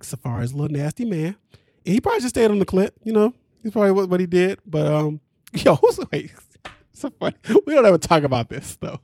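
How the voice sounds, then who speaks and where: A man hosting a podcast, recapping a reality show in casual, slangy talk, animated and laughing often. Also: a little high, no room sound, clean studio sound.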